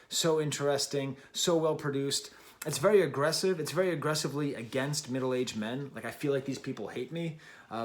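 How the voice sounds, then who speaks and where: A middle-aged man hosting his own music review show, talking casually and unscripted, chatty and self-deprecating with frequent ums and restarts. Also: on the high side. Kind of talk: casual unscripted video talk.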